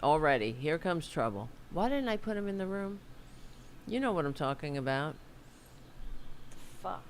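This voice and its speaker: A woman's voice: deep voice, big pitch swings, moderate pace, a little hiss or hum. A middle-aged woman with a New York accent hosting a political livestream, rambling and swearing in a loose, casual way. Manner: rambling and profane, self-conscious about her hair. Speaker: political podcast host.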